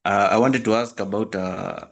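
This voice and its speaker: A man calls in with a question on a video call, speaking haltingly. His voice sits low and gravelly with fry. His delivery stays flat and even. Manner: halting, many uh and like. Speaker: caller asking a question.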